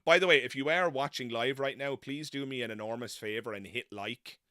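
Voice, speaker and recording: Brisk, pushed and bright, this mid-range male voice is recorded at studio quality without echo. A non-American man hosting a live stream, he rambles casually, mocks himself and strays into side topics.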